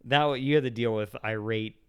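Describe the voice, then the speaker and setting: A man talking casually as a podcast guest, his voice smooth and resonant at a middle pitch. He rambles through work stories, slipping into little voices for the people he describes. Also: brisk. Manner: rambling storyteller, acts out voices of callers and himself. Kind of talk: casual chat.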